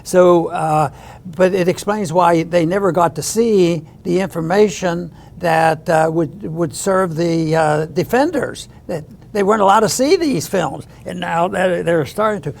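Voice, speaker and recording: A man with a high, gravelly voice hosts a casual political chat. He talks haltingly and keeps restarting his words. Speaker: show host.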